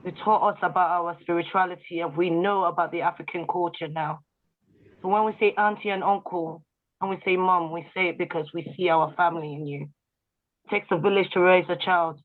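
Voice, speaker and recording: A woman giving an emotional, heartfelt tribute speech, addressing her listeners directly. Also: fairly low pitch. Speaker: guest speaker at a tribute event. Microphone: video call. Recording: tinny video-call audio.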